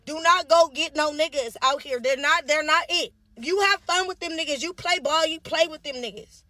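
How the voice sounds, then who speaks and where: A woman's voice: high voice, normal speed, sharp tone, no room sound. A woman with a Los Angeles accent giving a brash, profane rant about dating. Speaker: tiktok creator.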